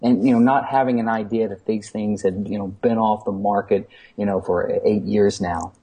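Man, husky voice, low register, rambling chatty guest. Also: steady tone, normal speed, mellow, low-quality recording. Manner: rambling, laughing, many fillers. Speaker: guest, toy collector. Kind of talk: casual anecdotal storytelling.

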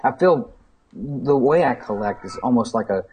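A man's voice: medium pitch, expressive, moderate pace, warm tone, breathy edge, poor audio. A man guesting on a podcast, telling a long casual anecdote with frequent fillers and laughs. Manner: rambling, laughing, many fillers. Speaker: guest, toy collector.

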